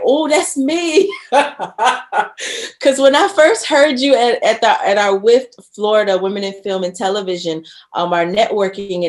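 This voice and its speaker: A woman hosting a casual interview, relaxed and slangy with filler words. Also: medium pitch. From United States. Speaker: host.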